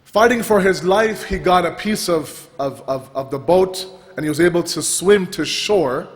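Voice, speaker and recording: A man giving a religious talk, telling a story with lively pacing, frequent restarts and quoted dialogue. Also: sits high, normal speed. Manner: animated storytelling with repeated restarts. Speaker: religious speaker. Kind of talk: sermon storytelling. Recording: reverberant hall.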